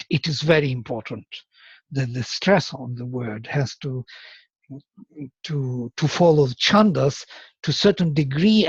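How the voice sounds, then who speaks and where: Husky teacher in a dull, dry recording. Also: medium pitch, darkish tone, no echo. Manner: patient, explanatory, asks for confirmation. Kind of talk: explaining to a student.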